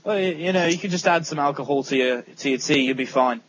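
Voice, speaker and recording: A man's voice: a little high, fast, a crowd in the background, rough recording. A young man co-hosting a casual gaming podcast, rambling with lots of fillers and teasing his friends. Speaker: podcast co-host.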